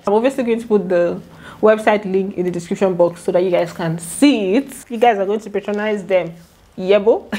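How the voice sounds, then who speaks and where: A woman's voice: medium pitch, darkish tone. Chatty woman vlogger. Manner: chatty, talks straight to viewers. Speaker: YouTuber recapping a reality show. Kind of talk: casual commentary vlog.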